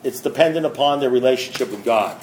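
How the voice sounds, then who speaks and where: A man's voice: medium pitch, fast talker. A man speaking at a recovery meeting, telling his story with wry, self-mocking humor and emphatic, repeated build-ups. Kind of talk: storytelling talk.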